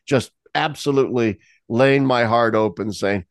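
A man's voice: mid-range voice, lively intonation, moderate pace, no echo, studio quality. A man hosting a casual talk who speaks candidly, jokes and laughs often. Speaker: host. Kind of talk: casual conversation.

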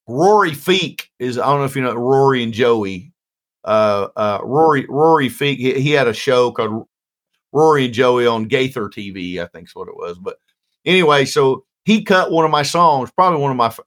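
A man, a guest songwriter, telling stories in a casual podcast chat and laughing often. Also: mid-range voice. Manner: laughs often, lively storytelling.

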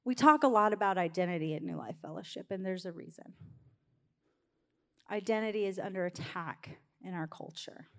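A woman's voice: mid-range voice, moderate pace, a bit bright. A woman pastor preaching a sermon in a church, talking conversationally and urging the congregation along. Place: church sanctuary. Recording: long hall reverb in a church.

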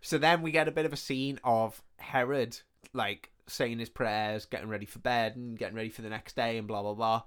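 A man co-hosting a podcast, retelling a film's plot in a casual, animated way, full of swearing and "like" fillers. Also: mid-range voice, fairly quick, hardly any pauses, clear, resonant tone. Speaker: podcast co-host. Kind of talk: casual film recap chat.

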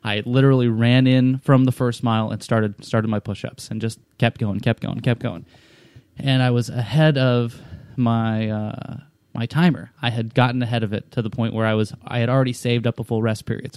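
A man's voice: mid-range voice, little pitch movement, brisk, darkish tone, clean tone, no room sound, studio quality. Rambling, foul-mouthed man telling a story. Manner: rambling and profane, with frequent restarts. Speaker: storyteller in a conversation. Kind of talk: casual chat.

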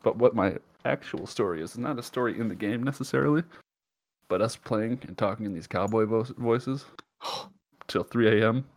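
A hoarse man with a sore throat, his low voice recorded close and dry. He jokes and laughs through casual chat as a podcast co-host. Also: normal speed, dry recording. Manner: laughing, joking.

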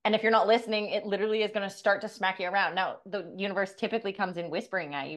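A woman's voice: mid-range voice, fairly even intonation, racing, few pauses. A middle-aged woman co-hosting a podcast, telling a personal story with blunt, profane candor and acting out the dialogue. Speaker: podcast co-host, coach.

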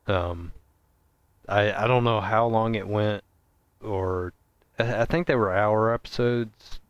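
Slow-talking male co-host, low dry voice, hesitant, trails off. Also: fairly even intonation, clean tone, no echo, muffled recording. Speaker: podcast co-host. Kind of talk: casual chat.

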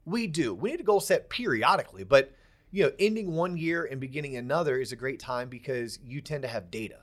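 A man's voice: medium pitch, lively intonation, brisk. A man co-hosting a podcast, chatting casually and enthusiastically about his news and business plans. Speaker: podcast co-host.

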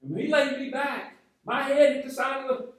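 A man with an extremely high, fairly bright voice speaks at a moderate pace, telling a personal story in a conversational sermon. He's a North Georgia pastor who frequently restarts his phrases, recorded from a distance in a very echoey, large church sanctuary.

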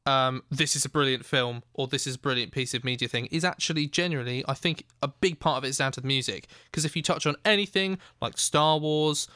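A man's voice: medium pitch, fairly quick, hardly any pauses, pushed and bright, clear, resonant tone, dry recording, studio quality. A man co-hosting a casual chat, rambling and hesitant as he searches for his point. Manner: rambling, hesitant, humming tunes.

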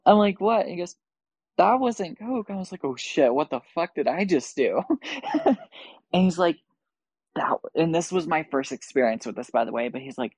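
A woman with a deep, husky voice speaks at a moderate pace on a dry, low-quality video-call recording. As a podcast guest, she tells a story casually and animatedly, swearing a lot and acting out quoted dialogue.

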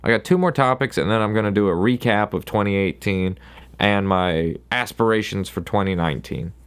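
On his solo podcast, a man whose voice sits on the low side talks a little fast, with a clear, resonant tone. Casual and sarcastic, he rambles and repeatedly restarts what he's saying.

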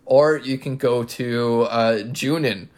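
A man co-hosting a podcast, chatting casually and jokingly about a video game. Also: mid-range voice. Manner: excited, joking, quick asides. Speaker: podcast co-host. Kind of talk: casual gaming chat.

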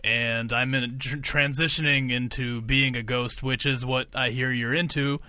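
Bright-voiced man, dry podcast banter. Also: mid-range voice, steady tone, measured pace, no room sound. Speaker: podcast co-host. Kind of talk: casual comedic chat.

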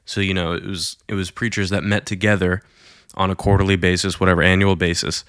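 Man, low voice, dry close sound, chatty faith storyteller who acts out quotes. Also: level tone, brisk, fairly bright tone, clear, resonant tone, no room sound. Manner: conversational retelling with many fillers, acting out quoted lines. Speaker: Christian storyteller. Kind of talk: casual storytelling.

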